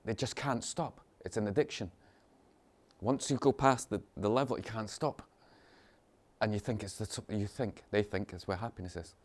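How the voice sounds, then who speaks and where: A man teaching meditation in a casual, rambling way, repeating phrases, chuckling often and mimicking people in sudden high voices. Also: moderate pace. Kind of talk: informal spiritual talk.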